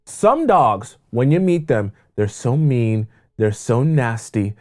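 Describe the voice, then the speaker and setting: A man's voice: medium pitch, very animated, takes it slowly, darkish tone. A man giving dating advice as a coach, emphatic and repetitive in a preachy way. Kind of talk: advice monologue to camera.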